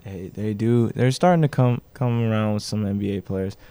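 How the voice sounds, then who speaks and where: A male radio co-host with a low, mellow voice, speaking in a laid-back, slangy and joking way. The recording is dry and close. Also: normal speed, clean tone, no room sound. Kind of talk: casual radio chat.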